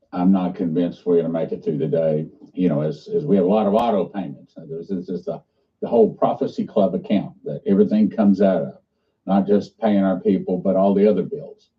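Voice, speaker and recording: Man, ministry leader, earnest fundraising appeal, halting delivery, distant mic, dull sound. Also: low-pitched, fairly even intonation. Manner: earnest, halting, restarts often. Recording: muffled, distant played-back clip.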